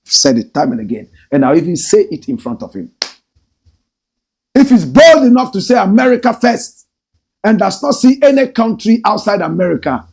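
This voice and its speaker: Gravelly, animated Ghanaian man. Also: sits high. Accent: Ghanaian English. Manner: emphatic, lively delivery with drawn-out words. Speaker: show host. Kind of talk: animated commentary show.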